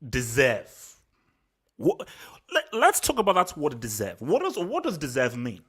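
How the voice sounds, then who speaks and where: Animated football vlogger on a rant. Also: medium pitch, measured pace, breathy edge. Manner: animated, repetitive, slangy and self-assured; worked up and angry. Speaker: football channel host. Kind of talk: solo post-match reaction rant.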